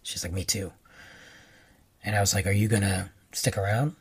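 A man hosting his own show, telling a rambling personal story in a casual, animated way that jumps high for excited reactions. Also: normal speed, slightly rough. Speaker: podcast host.

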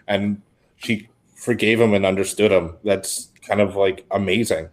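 A man's voice: fairly low pitch, little pitch movement, a little slow. A man co-hosting a podcast in casual chat, rambling along with plenty of filler words. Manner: rambling, heavy use of "like". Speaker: podcast co-host.

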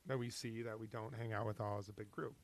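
A man co-hosting a casual TV recap podcast, halting with fillers and restarts, firmly opinionated. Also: on the low side, fairly even intonation. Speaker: podcast co-host. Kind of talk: casual chat recapping a TV show.

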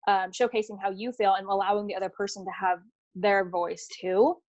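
A woman business coach talking as a podcast guest, rapid and animated, saying "like" and "literally" often. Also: mid-range voice, dry recording, dull audio. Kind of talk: casual podcast interview.

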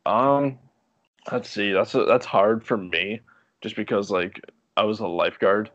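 A man in his twenties, a podcast guest, telling stories in a relaxed, rambling way with frequent laughs. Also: lowish voice, measured pace, no echo, highs cut off. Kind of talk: casual storytelling chat.

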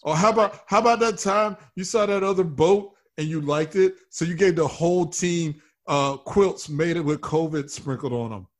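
A man's voice: a little high, moderate pace, hardly any pauses. A man mock-accusing a friend in an improvised comedy sketch.

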